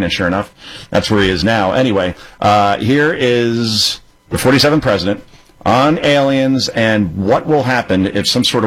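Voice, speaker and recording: Radio host: a low, husky-voiced man who rambles casually. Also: a bit bright, low-quality recording. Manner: chatty, loose and digressive.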